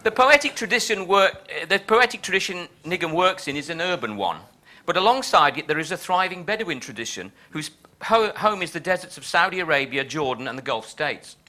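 A man giving a measured, explanatory academic lecture. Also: sits high, very animated, bright, forceful tone.

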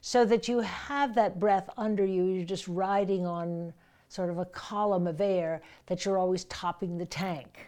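A woman's voice: lowish voice, fairly even intonation, a little slow, dark tone. A woman voice coach explaining how to breathe through verse lines, now and then reading lines aloud with force. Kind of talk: teaching verse speaking with readings.

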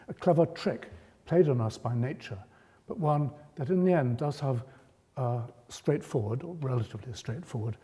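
A man giving a public lecture, speaking in a measured, explanatory way and lifting his voice on key points. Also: mid-range voice, mellow. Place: lecture hall. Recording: long reverb of a lecture hall.

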